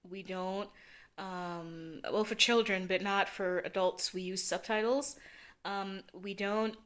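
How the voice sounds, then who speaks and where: A woman's voice: medium pitch, fairly even intonation, measured pace, a bit bright. A Norwegian woman in her thirties, a native Norwegian speaker with a learned General American accent, rambling casually and hesitantly with many ums and restarts. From Norway. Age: 30s. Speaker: vlogger.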